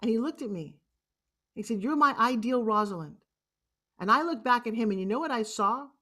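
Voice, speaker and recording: A woman in her sixties with a New York accent, telling a personal story on stage in a lively, joking, blunt way. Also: on the high side, brisk. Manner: animated, jokey and blunt, acting out other voices. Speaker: motivational speaker.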